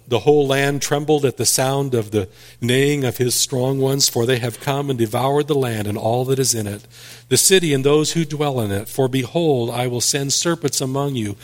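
A man preaching a sermon, reading scripture aloud and then explaining it in plain words, with small restarts. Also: mid-range voice. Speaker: pastor.

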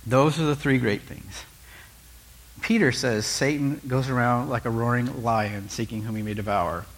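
A man's voice: medium pitch, normal speed. A male pastor giving a conversational sermon, asking the listeners questions and changing his tone often. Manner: conversational, animated preaching with rhetorical questions.

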